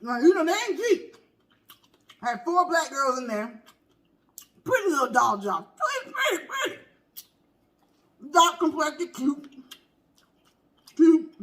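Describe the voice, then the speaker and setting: Brief: performer as a high, bright, sassy auntie who swoops all over while dishing gossip between bites. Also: heavily acted. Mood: gossipy. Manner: animated, talks between bites of food; exclamatory, drawn-out "baby", "child", "honey". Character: loud gossipy middle-aged auntie, woman. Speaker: comedy mukbang character. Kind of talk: comedic storytelling skit.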